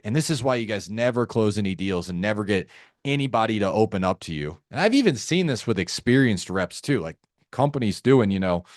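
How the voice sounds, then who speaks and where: Animated man leading a sales training. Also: medium pitch, no echo, clean studio sound. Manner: energetic, animated, addresses audience directly. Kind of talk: live online sales training.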